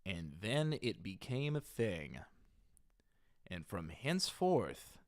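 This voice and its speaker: A man's voice: fairly low pitch, big pitch swings, slow, no echo, clean studio sound. A young man hosting a livestream in casual chat, rambling, trailing off and correcting himself as he remembers. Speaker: livestream host.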